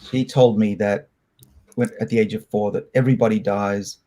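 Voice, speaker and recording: A middle-aged man from Australia, a scientist answering interview questions in a candid, reflective, loose and halting way. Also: lowish voice, steady tone, mellow. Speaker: scientist guest.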